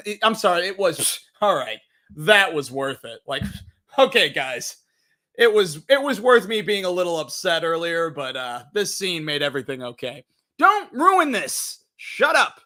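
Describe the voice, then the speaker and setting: A young man hosting a casual movie review stream, telling stories animatedly and swearing freely. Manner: animated storytelling, swears freely, jumps in pitch acting out quotes.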